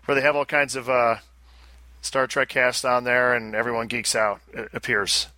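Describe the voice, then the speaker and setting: Bright, dry-voiced podcast host. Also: male voice, mid-range voice, normal speed, no room sound. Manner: animated, laughs often, jokey. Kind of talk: casual podcast chat, reading listener emails. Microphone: headset.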